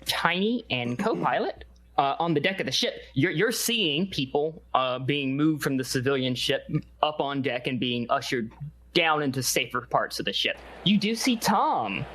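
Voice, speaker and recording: A man's voice: medium pitch, expressive, normal speed, fairly bright tone, a little hiss or hum, rough recording. A man running a tabletop game as game master, narrating loosely with many fillers.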